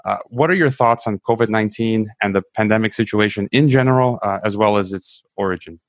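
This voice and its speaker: A man hosting a podcast, reading an intro and then asking long questions with a measured delivery and some fillers. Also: on the low side, no echo. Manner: measured, reads promos, uses fillers. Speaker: podcast host.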